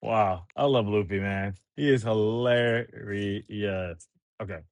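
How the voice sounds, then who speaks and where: A man giving an excitable, casual chapter recap as a manga reviewer, reading scenes aloud. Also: lowish voice, takes it slowly, no room sound. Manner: excitable, reads scenes aloud, laughs often.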